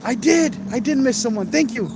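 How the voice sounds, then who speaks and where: A man's voice: extremely high pitch, lively intonation, a little fast. A man live-streaming while he walks city streets at night, chatting casually and reading viewer comments aloud into his phone camera. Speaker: livestream vlogger. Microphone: handheld phone camera. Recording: street noise behind.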